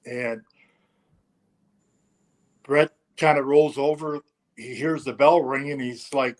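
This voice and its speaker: An older man as an interview guest, telling a story in a relaxed, anecdotal way, acting out quotes and swearing now and then. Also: mid-range voice, slow pace, pauses often.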